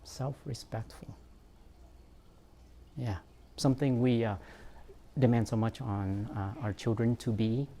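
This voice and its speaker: A man's voice: medium pitch, steady tone, normal speed, dark tone. A man, a therapist, giving an informal talk on parenting, reflective and self-mocking, with frequent fillers and laughs.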